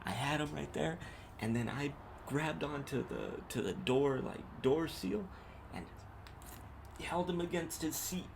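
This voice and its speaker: A man's voice: on the high side, measured pace, vocal fry, slight background noise. A man hosting a podcast, telling a personal story in a casual, profane, slangy way. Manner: profane, street slang, animated retelling. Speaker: podcast host.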